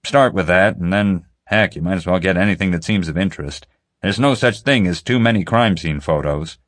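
A seasoned investigator with a dry, matter-of-fact delivery, a touch higher than the low narrating voice, as a man voices him. He sounds practical and unimpressed, recorded dry and close. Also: a little fast, dry recording, close to an everyday voice. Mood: businesslike.

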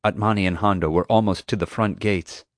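A man reading first-person scripted narration as an audiobook narrator, with lively storytelling. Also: sits low, brisk, no room sound, studio quality.

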